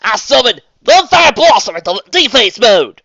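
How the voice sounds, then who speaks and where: A reader voicing a brash young Southern cowgirl card duelist in a put-on Southern drawl, loud and showy. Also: medium pitch, big pitch swings, moderate pace, dry recording, muffled recording, voice pushed up. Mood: boastful. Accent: put-on American Southern.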